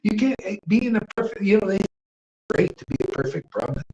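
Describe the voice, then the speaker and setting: This devotional teacher's high-pitched voice moves quickly with lively intonation as he leads a chanting gathering. His informal sermon is rambling and emphatic, shifting from hushed asides to loud outbursts, with slangy "man" and "you know" throughout. The audio sounds dull.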